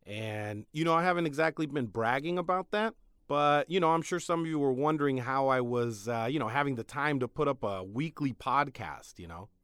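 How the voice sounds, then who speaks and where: Young male podcast host, mid-pitched, dry close sound, wry comic delivery with sudden loud bursts. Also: animated, moderate pace, smooth, dry recording. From Mexican-American. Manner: sarcastic, joking, swings from loud to mumbled asides. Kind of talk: comedic monologue.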